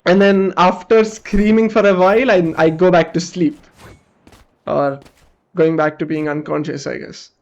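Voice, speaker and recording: Young guy streamer, kinda high voice, chatty storytime while he games, swears a bit. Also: measured pace, lo-fi sound. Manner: animated, casual, swears, acts out quoted people. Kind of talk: storytime told while gaming.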